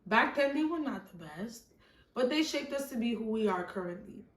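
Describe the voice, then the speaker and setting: A woman co-hosting a casual chat, with expressive, teasing reactions. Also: a little high, moderate pace, recorded from a distance. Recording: roomy echo, a bit off mic.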